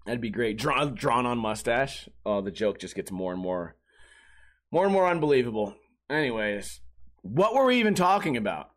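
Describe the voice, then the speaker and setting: A man's voice: mid-range voice, very animated, normal speed, fairly bright tone. A man hosting a podcast in casual chat, rambling, laughing between thoughts and restarting sentences. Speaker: podcast host.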